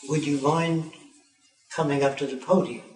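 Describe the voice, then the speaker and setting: An old man voicing a courteous, gentle old scientist making calm requests, in a roomy recording from a distance. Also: a little high, moderate pace, close to an everyday voice. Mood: polite. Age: over 90.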